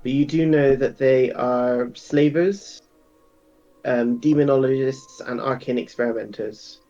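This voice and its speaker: A man as game master of a tabletop game, explaining lore with frequent ums and pauses. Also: medium pitch, fairly even intonation, warm tone, lo-fi sound, faint music behind.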